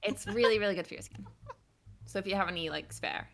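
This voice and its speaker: A woman's voice: mid-range voice, fast talker, gravelly, slight background noise. A woman playing a tabletop game, chatting in character in a rambling way, full of "like" and "you know". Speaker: player. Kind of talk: in-character tabletop role-play.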